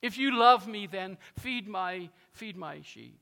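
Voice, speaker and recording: A male pastor voicing a gentle teacher who asks and instructs slowly, with a long reverb from a large hall. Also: high voice, animated, gravelly, pitched above the performer's own voice, full character voice.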